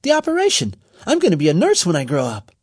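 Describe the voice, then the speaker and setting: A man voicing an eager little girl who wants to be a nurse, in a high, quick voice for a storybook reading. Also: huge pitch swings, breathy edge, no echo, studio quality, heavily acted.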